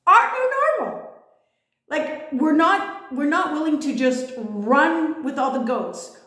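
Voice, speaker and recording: Blunt, emphatic woman in an echoey room. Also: fairly high pitch. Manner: blunt and emphatic, swears freely. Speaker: spiritual vlogger. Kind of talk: casual spiritual monologue.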